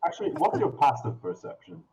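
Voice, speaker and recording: A man's voice: fairly high pitch, wildly swooping pitch, fairly quick, creaky, darkish tone, highs cut off. A man running a tabletop game as game master, describing the scene in a loose, rambling way full of ums and restarts.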